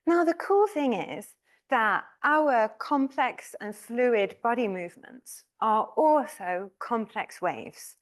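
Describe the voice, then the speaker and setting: Chatty, high-voiced woman giving a lecture. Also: animated, slow. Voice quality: high-pitched voice. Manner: chatty and informal, with laughs and fillers. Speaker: professor giving an inaugural lecture. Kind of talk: university lecture.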